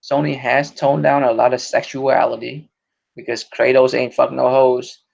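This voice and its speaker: A man hosting a podcast, with a gravelly, creaky voice at a middle pitch. He rambles in casual, profane chat, often restarting his sentences. The audio is dull and lo-fi. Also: flat delivery, moderate pace, darkish tone. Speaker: podcast host.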